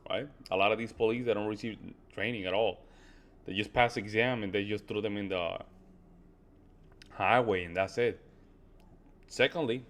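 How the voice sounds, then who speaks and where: A man co-hosting a reaction video, speaking in a relaxed, reflective way with casual slang. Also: mid-range voice.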